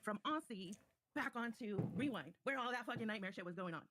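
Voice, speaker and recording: A woman's voice: on the high side, lively intonation, a little fast, noisy background. A woman in a clip played on a stream, defensively explaining herself.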